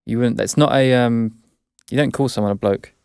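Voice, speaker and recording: Casual, hesitant English guy, talking with a bit of vocal fry, dry room. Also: mid-range voice, normal speed, darkish tone, dry recording. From England. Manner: hesitant, self-correcting, laughs easily. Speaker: guest, English teacher. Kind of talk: casual chat.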